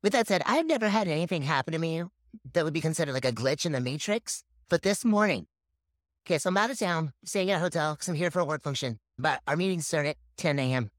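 A woman's voice: deep voice, lively intonation, fast, dry recording, clean studio sound. A woman telling a strange personal story in a casual, blunt way, swearing freely.

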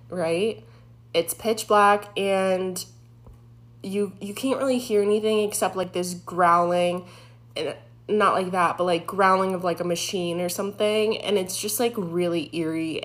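A young woman, a former EMT, casually telling a true scary story in an animated way, full of "like" fillers. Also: fairly low pitch. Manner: animated, heavy use of "like" fillers.

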